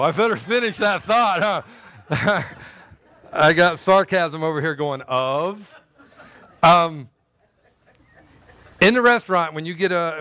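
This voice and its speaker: A man preaching a sermon as pastor, animated and joking with the congregation. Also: a little high, smooth, dry recording. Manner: animated, jokey, talks to congregation.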